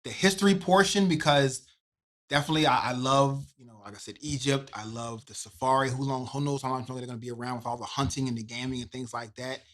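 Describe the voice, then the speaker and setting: A man chatting on a podcast, telling travel stories with lively asides and frequent "right?" tags. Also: medium pitch, quick pace. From United States. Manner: animated storyteller who keeps adding "right?". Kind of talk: casual chat, storytelling.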